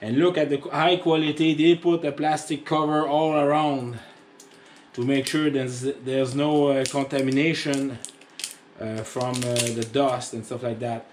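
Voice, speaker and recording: A man's voice: medium pitch, flat delivery, a little slow, a little hiss or hum. A man with a French accent explaining tractor upkeep in a chatty, rambling how-to vlog, joking at himself. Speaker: tractor owner showing maintenance.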